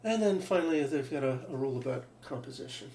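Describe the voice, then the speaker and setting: A man's voice: mid-range voice, lively intonation, quick pace, vocal fry, a little mellow. A man teaching a math lesson, thinking aloud, restarting phrases and asking rhetorical questions. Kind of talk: lecture. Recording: roomy sound from a distant mic, faint background hum.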